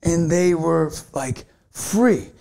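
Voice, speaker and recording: A man with a high, bright-pitched voice delivers a motivational talk straight to camera. He tells his stories with big energy and often bursts into shouts, like a youth basketball coach firing up his team. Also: drawn-out words, vocal fry.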